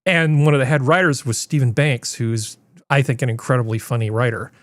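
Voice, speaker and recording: A man's voice: mid-range voice, fairly even intonation, a little fast, dry recording. A man hosting a casual panel chat over a video call, rambling with wry asides. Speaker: host.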